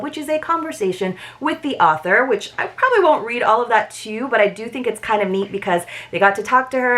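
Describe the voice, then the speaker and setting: A woman's voice: medium pitch, a bit bright. A young adult woman chatting informally while unboxing a book subscription, with frequent 'like' and 'um'. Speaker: book box reviewer. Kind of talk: casual unboxing vlog.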